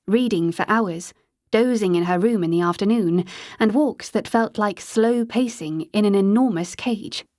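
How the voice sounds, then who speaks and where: Measured woman narrating an audiobook. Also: medium pitch, a little mellow, no echo, studio quality. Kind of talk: scripted narration.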